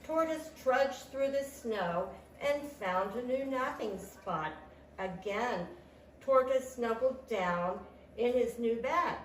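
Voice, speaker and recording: A woman with a fairly high voice reads a children's picture book aloud for storytime, slowly and animatedly, adding sound effects. The room is echoey, the mic is at a distance, and there's slight background noise.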